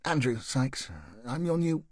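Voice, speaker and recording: A man voicing a nervous young male detective who speaks quietly with a cultured English accent and stammers. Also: fairly high pitch, measured pace, no room sound, voice pushed up, lightly acted.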